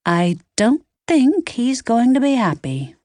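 A woman voicing an eager, high-pitched woman sleuth. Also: very animated, slow, darkish tone, no echo, studio quality.

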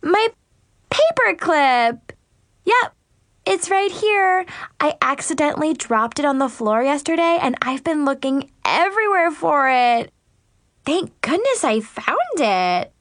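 A shrill, gushing teenage mean girl, as a woman reader puts her on, her voice swooping high and sugary while every word drips with fake sweetness. She bounces through a very wide pitch range in a tight, dry recording with no room sound. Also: big pitch swings, takes it slowly, a bit bright, no echo, exaggerated voice. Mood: flustered. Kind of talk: audiobook reading.

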